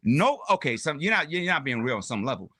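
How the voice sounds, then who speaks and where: A man chatting casually as a guest creator on a toy livestream, animated and full of "my brother" and "you know what I'm saying". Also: mid-range voice, quick pace, no room sound.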